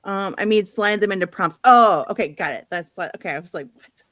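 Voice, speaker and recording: A woman's voice: medium pitch, fairly quick, a bit bright, no room sound. A woman from the Midwest hosting a casual book livestream, chatty and laughing often as she reads out viewer comments. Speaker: host.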